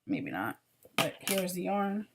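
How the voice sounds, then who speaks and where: A woman's voice: lowish voice, very animated, slow, gravelly, background noise. Tired, chatty woman crochet vlogger. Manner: chatty, apologetic, tired and yawning. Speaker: crochet podcast host. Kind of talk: casual chat about crochet projects.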